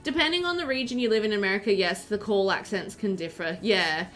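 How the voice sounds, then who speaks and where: A woman's voice: mid-range voice, a little fast, a bit bright, soft background music. A woman with an Australian accent, live-streaming a game at home and chatting in a rambling way, full of fillers. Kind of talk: casual chat while live-streaming a game.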